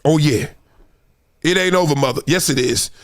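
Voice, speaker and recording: A man riffs on football standings as the host of his own show, his voice sitting fairly high. He talks loosely and animatedly, full of slang, and now and then lapses into a playful sing-song. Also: normal speed. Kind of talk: casual sports commentary monologue.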